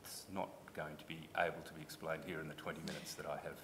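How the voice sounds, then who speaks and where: Low-pitched Australian man testifying at a hearing, earnest and explanatory, faint rumble behind. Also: level tone, quick pace. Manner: earnest, explanatory, restarts when pressed. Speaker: submitter at a public hearing. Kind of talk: formal testimony.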